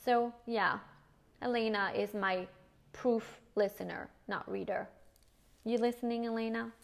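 Speaking unhurriedly with vocal fry, this French-accented, middle-aged podcast host from France has a voice on the high side and fairly even intonation. On her casual solo show she's frank, swears casually and drops in French phrases.

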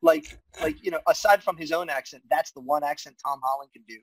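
A man co-hosting a podcast, chatting in a relaxed, rambling way and tripping over his words. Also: a little high, fairly quick, creaky, no room sound, poor audio. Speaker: podcast co-host. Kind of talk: casual chat reviewing a film.

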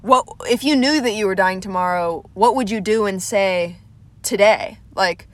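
A young woman from Atlanta talks into a close mic in a dry, deadened room. She rambles loosely through a solo comedy podcast, swears casually, and often undercuts herself. Her voice sits at a middling pitch for a woman. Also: normal speed, dry recording. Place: small room at home, lights went out.

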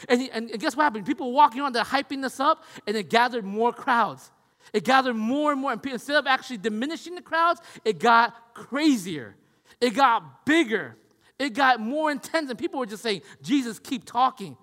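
A man preaching a sermon in a lively, conversational way, asking his listeners questions and swinging from loud to hushed. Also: very high voice, a little fast. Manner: conversational, asks the audience questions. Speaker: pastor. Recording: long hall reverb.

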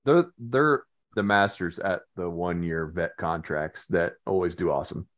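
A man's voice: low voice, unhurried. A man co-hosting a casual podcast, joking and laughing often. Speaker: podcast co-host. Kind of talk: casual chat.

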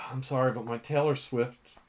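A middle-aged man talks casually, and his voice sits at an ordinary middle pitch. He rambles in a chatty way, pokes fun at himself and drops plenty of fillers. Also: fairly even intonation, measured pace. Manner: chatty, self-mocking, many fillers. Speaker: podcast host. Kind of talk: casual chat.

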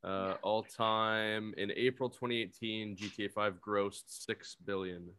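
Low-voiced swearing podcast co-host. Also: male voice, fairly even intonation, a little slow, smooth. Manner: profane, loud outbursts, reads figures off a screen. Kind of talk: casual chat.

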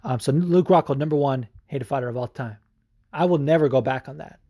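A young adult man hosting a show, ranting with a profane, salty and animated delivery and frequent fillers. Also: medium pitch, a little fast, dry recording, studio quality. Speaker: show host. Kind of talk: profane opinion rant.

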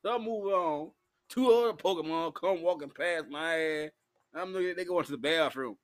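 A man's voice: a little high, moderate pace. A man, rambling profanely through a live-stream monologue while intoxicated. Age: 40s. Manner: profane, rowdy, loose storytelling.

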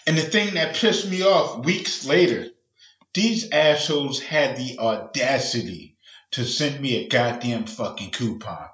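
A man's voice: mid-range voice, a little slow, a bit bright, reverberant, highs cut off. A man hosting a podcast alone, ranting casually and profanely, wandering off track and acting out other people's voices. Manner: profane, rambling, acts out quoted voices. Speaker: podcast host. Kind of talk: casual solo rant.

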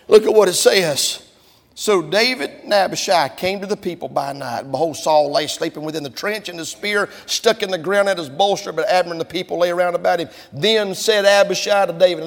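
A man preaching a sermon, telling stories in a folksy way and building up to shouting. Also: high-pitched, brisk, big-room sound.

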